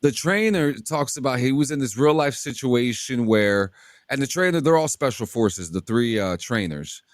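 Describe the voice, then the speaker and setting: Animated, swearing man telling a story. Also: medium pitch, normal speed, no room sound, studio quality. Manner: animated, profane, acts out shouted quotes. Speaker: podcast host. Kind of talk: casual storytelling chat.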